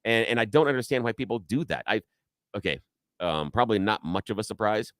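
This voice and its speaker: A man co-hosting a radio talk show, telling a rant-filled story in an animated way and acting out the people in it. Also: on the low side, a little fast, no room sound, clean studio sound. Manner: animated storyteller, acts out shouting quotes. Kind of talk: casual talk radio chat.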